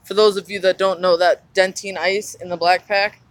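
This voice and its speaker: A woman's voice: medium pitch, level tone, moderate pace, no echo, low-quality recording. A woman vlogging in a car and at dumpsters, chatting casually and telling a story in fits of giggles. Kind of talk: casual vlog chat.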